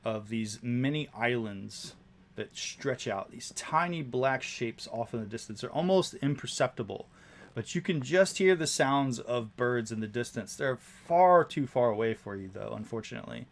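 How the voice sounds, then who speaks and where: Halting game master narrating scenes. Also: male voice, mid-range voice, animated. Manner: descriptive, halting, many fillers.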